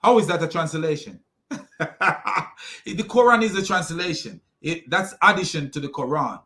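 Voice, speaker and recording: A man's voice: a little high, moderate pace, a bit bright. A man giving critical commentary on a played clip, argumentative, with many fillers and restarts. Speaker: religious commentator.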